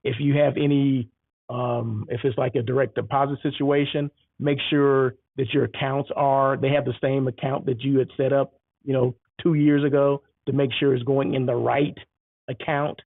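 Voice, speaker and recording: A man hosting a casual monologue, telling an animated story and acting out both sides of the exchanges. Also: medium pitch, normal speed, vocal fry, no room sound. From United States. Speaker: host. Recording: tinny phone-like sound.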